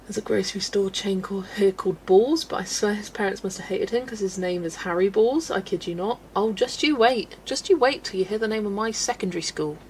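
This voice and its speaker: A young woman from England hosts a colouring livestream, chatting casually, reading chat, and telling stories with frequent giggles. Her medium-pitched, slightly mellow voice is a little fast with few pauses, and there's a little hiss or hum.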